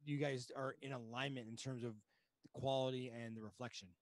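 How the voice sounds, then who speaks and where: A man's voice: medium pitch, little pitch movement, brisk, no room sound. A man hosting a podcast, asking long winding questions with curiosity and a joking touch. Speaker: podcast host. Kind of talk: casual podcast interview.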